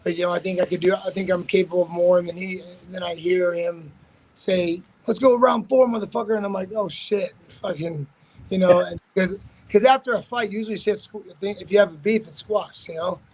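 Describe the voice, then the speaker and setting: A man's voice: sits high, steady tone, brisk, darkish tone, poor audio. A man, a fighter being interviewed, telling a story in a rambling, profane way with many restarts. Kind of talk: casual storytelling.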